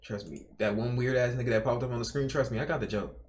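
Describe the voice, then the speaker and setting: A man's voice: mid-range voice, fast talker. A young man streaming, reacting casually to a video, rambling and repeating himself while swearing and talking to his chat. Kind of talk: casual live reaction commentary.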